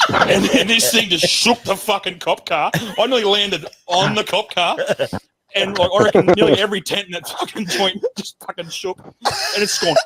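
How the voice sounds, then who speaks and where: A man's voice: sits high, very noisy. A man with an Australian accent telling a rowdy, profane story in casual talk on a group call. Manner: profane, animated yarn-spinner.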